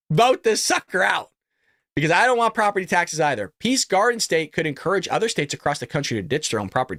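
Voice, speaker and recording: A man's voice: on the high side, a bit bright, no room sound, clean studio sound. A man hosting his own political commentary show, reading an ad and then ranting in a heated way with lots of rhetorical questions. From California. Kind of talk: casual political commentary and ad read.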